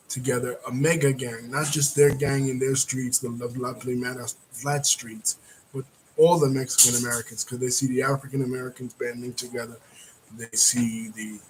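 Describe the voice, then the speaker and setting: A man casually recapping a film's plot as a reviewer, rambling with frequent fillers and throat-clearing. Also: mid-range voice, a little hiss or hum, low-quality recording. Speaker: movie reviewer.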